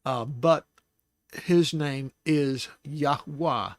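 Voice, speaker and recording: A man hosting a Bible study, teaching casually and thinking aloud, with restarts and soft laughs. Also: on the high side, takes it slowly, no room sound.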